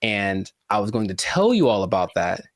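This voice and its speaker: A man hosting a casual podcast, animated and jokey, with rambling asides. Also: lowish voice, normal speed, no echo, studio quality. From California. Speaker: podcast host and musician.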